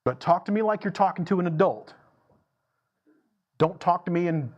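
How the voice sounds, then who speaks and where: Man, pastor, emphatic sermon, repeats phrases for stress, higher-pitched voice, church sanctuary. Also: expressive. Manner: emphatic, repeats phrases for stress, shifts between slow and fast delivery.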